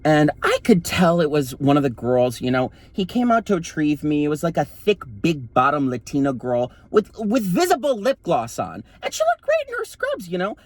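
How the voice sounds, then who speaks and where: A man's voice: a little high, huge pitch swings, moderate pace, hardly any pauses. A man telling a story in a campy, sassy, profane way, his voice often taken for a woman's. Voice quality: voice read as feminine. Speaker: vlogger. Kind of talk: casual storytelling vlog.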